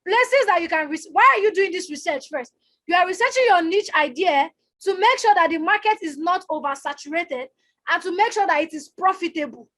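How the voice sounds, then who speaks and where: Energetic, shouty high-voiced woman coach. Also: a little fast. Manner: loud, emphatic, repeats for emphasis. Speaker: online business coach. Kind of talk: live-stream teaching. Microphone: phone or webcam on a live stream.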